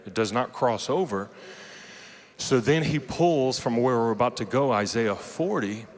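A man's voice: mid-range voice, animated, measured pace. A man preaching a sermon at a live conference, conversational and earnest, teasing his audience now and then. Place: large conference hall. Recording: long hall reverb from a live event.

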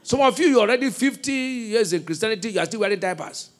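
A man with a Nigerian accent preaching a sermon in a church, with call-and-response questions, shouted bursts and laughing asides. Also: sits high, lively intonation, fast talker. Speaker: pastor.

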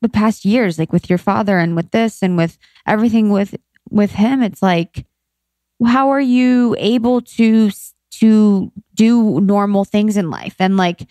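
A woman hosts a podcast and asks her guest questions in a casual, supportive tone. Her voice sits in a middle pitch. The sound is close and dry. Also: measured pace, mellow, no echo. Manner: supportive, casual, says "like" often. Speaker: podcast host. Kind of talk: casual interview chat.

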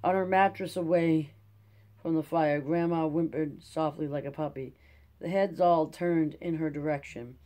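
Mellow-voiced audiobook narrator. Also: medium pitch, normal speed. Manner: calm, even reading. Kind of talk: classic novel audiobook narration.

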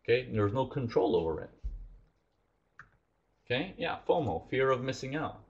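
A man's voice: mid-range voice, sing-song, normal speed, lo-fi sound. A man teaching a live trading lesson, asking his audience questions and acting out traders' inner thoughts. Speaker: trading instructor.

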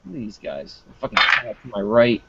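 A man's voice: mid-range voice, measured pace, vocal fry, heavy background noise. A man ranting and swearing in a casual live chat over a video call. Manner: profane, ranting, animated. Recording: muffled online call audio.

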